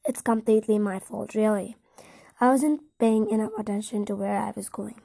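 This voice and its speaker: A woman reading the part of a nervous young maid in an audiobook, apologetic and hurried. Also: mid-range voice, creaky, mellow, breathy edge, dry recording. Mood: flustered.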